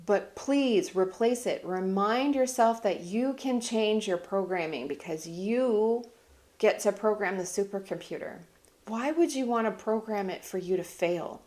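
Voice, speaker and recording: A woman's voice: medium pitch, lively intonation, measured pace. A middle-aged woman giving heartfelt, emphatic life advice as a family vlogger talking to camera. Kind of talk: earnest motivational talk to camera.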